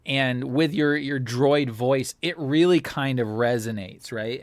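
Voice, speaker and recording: A man's voice: medium pitch, takes it slowly, dry recording. A man narrating a tabletop role-playing game as game master, rambling with many fillers.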